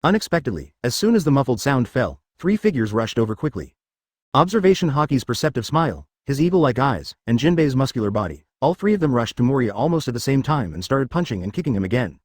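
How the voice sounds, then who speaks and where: A man reading fan fiction aloud as scripted narration, in an even, quick storybook manner. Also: medium pitch, slightly rough, no echo, studio quality.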